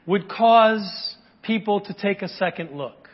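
Male preacher, high husky voice, chatty and animated, muffled church recording. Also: slow, hardly any pauses. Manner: conversational, animated, asks the congregation questions. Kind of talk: sermon. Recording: dull lo-fi audio.

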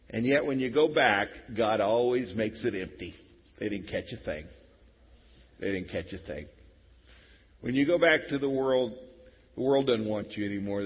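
A male pastor preaching a sermon in a church, telling a story with lively swings from soft to loud. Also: on the low side, husky. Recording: reverberant hall, dull lo-fi sound.

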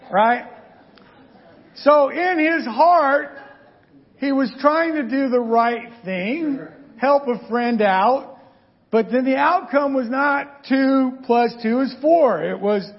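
A man preaching a sermon, telling stories with lively asides and frequent "right?" checks to the congregation. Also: very high voice, muffled recording.

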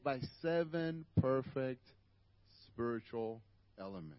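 A man's voice: fairly high pitch, sing-song, unhurried, pauses often, dry recording, highs cut off. A man with a Spanish accent, native Spanish speaker, preaching a conversational sermon to a church congregation with asides to the listeners.

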